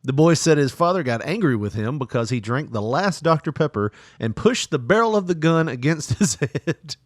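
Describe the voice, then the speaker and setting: Lively laughing male podcast co-host. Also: a little high, normal speed, dry recording, studio quality. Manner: laughs often, reads news stories aloud with jokes. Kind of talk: casual podcast banter.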